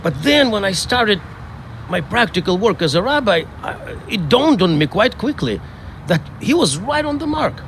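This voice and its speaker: A middle-aged male rabbi delivers a funeral eulogy outdoors. His storytelling is measured and full of small hesitations, and his voice sits fairly high. Faint traffic hums in the background. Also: sing-song.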